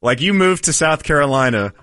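A man hosts a sports talk show in loose banter. He muses aloud and laughs easily. His voice sits fairly high, and the sound is dry and close. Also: expressive, a little fast, fairly bright tone, no room sound. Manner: chatty, laughing, musing. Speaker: sports radio host.

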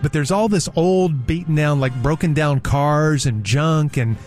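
A man's voice: a little high, measured pace, a little mellow, soft background music. A man on a talk show telling a travel anecdote in a casual, chatty way, repeating words and mimicking the people he quotes.

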